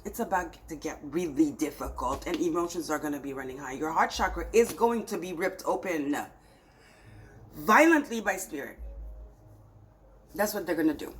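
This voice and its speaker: A woman's voice: fairly low pitch, animated, normal speed, a little hiss or hum, rough recording. Exasperated woman giving a tarot reading. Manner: emphatic, scolding, exasperated pleading. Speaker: tarot reader. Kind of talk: spiritual reading to camera.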